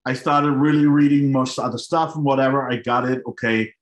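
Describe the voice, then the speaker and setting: A middle-aged man telling his own story to an audience in an animated way, acting out his past thoughts. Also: mid-range voice, fairly quick. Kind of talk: personal storytelling talk to an audience. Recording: roomy hall sound.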